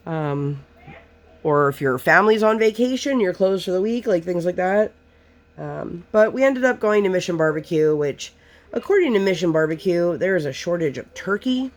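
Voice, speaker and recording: A woman's voice: lowish voice, expressive, normal speed. A woman vlogging while she crafts, telling rambling stories about her week with lots of fillers, a bit sniffly. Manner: rambling, chatty storytelling with many fillers. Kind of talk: casual chat while crafting.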